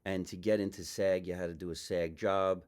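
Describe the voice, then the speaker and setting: A man's voice: low voice, fairly even intonation, moderate pace, a little mellow. A man hosting a casual talk show, chatty and reminiscing. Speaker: host. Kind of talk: casual chat.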